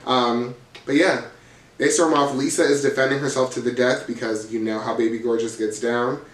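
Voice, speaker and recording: A man chatting through a reality TV recap, gossipy and blunt with plenty of swearing, his voice sitting at an ordinary middle pitch. He sounds a little away from the mic in a roomy space that echoes. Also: level tone, moderate pace, far from the mic. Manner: gossipy, profane, dramatic retelling. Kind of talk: casual recap vlog.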